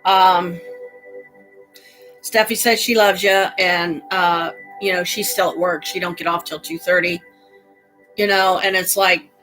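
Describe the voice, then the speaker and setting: A woman's voice: on the low side, fairly even intonation, unhurried, pauses often, fairly bright tone, soft background music, rough recording. A middle-aged woman on a casual livestream, venting angrily with lots of swearing about a family quarrel. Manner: angry, profane ranting.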